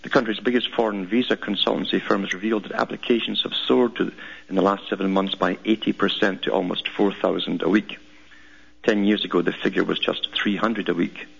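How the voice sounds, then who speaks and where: Deep gravelly man on lo-fi radio. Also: steady tone, a little fast. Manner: sardonic, repeats words and restarts often. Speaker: talk radio host. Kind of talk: rambling radio monologue reading news clippings. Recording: dull lo-fi radio broadcast.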